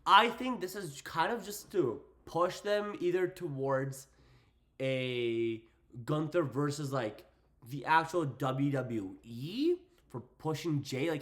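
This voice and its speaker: A man's voice: on the high side, slow pace, fairly bright tone. A man giving a casual, slangy wrestling recap, putting on voices for quotes. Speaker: wrestling commentator.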